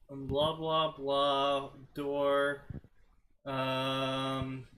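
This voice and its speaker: A man with a bright, fairly high voice reads fanfiction aloud in unhurried, casual stream commentary. He skims whole passages with mocking "blah, blah" asides, and a faint hiss of noise sits under the recording. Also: low-quality recording. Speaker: co-host reading fanfiction aloud.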